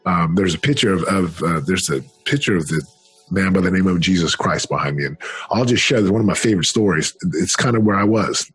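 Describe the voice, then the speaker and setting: A middle-aged man telling his life story in an interview, earnest and emphatic, slowing down on key phrases. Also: deep voice, fairly bright tone, husky, soft background music. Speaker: interview guest, former football player and speaker.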